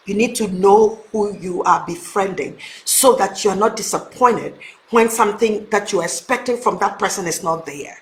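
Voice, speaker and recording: Woman host, kinda high voice, earnest motivational talk to viewers, echoey room. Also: a bit bright. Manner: earnest, emphatic, addresses viewers directly. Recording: roomy echo.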